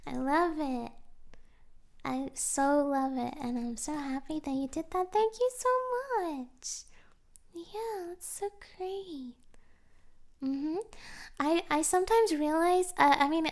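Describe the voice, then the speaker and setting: A young woman streamer chatting casually with her live chat, gushing and giggly, sometimes dropping to soft whispers. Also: high-pitched, measured pace.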